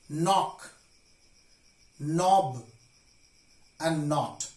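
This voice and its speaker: A man teaching English pronunciation, repeating each word slowly as a drill. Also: high-pitched, echoey room. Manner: slow, repeats words for drill. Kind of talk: pronunciation lesson.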